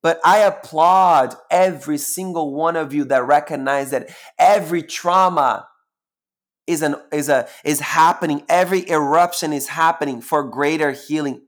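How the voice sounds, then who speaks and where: A man hosting a live-streamed solo talk as a spiritual teacher, sassy and emphatic, preaching and repeating phrases for emphasis. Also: a little high. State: close to tears at times.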